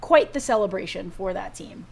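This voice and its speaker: A woman's voice: mid-range voice, lively intonation, normal speed, vocal fry, a little mellow, breathy edge. A woman co-hosting a sports news chat in a casual, talkative way, with many fillers and restarts. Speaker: co-host of a sports news show.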